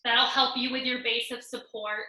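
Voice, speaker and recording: Breathless, bright-voiced woman coaching a workout. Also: on the high side, little pitch movement, normal speed. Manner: upbeat coaching, counting down reps, joking asides. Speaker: fitness instructor. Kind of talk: live online workout class instruction. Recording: roomy echo.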